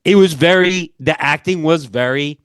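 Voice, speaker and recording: A man's voice: a little high, normal speed, fairly bright tone, clean tone, no echo. Rambling Long Island man, dry sound. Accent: New York, Long Island. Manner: rambling, filler-heavy storytelling. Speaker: podcast co-host. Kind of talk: casual chat.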